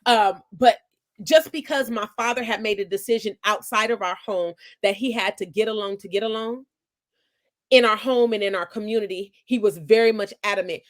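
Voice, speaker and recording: Here an author, a woman in her forties with a mid-range voice, talks at a moderate pace in a conversational interview. She tells her story while reflecting earnestly on parenting and family.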